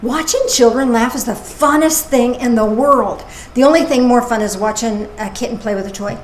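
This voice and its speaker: A woman minister giving a casual, playful sermon with animated asides. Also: a little high, moderate pace. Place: church service. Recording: echoey room with faint noise.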